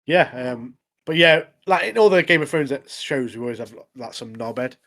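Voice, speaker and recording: A man co-hosting a podcast, talking in a relaxed way and trailing off with fillers. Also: medium pitch, normal speed. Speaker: podcast co-host. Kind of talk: casual chat.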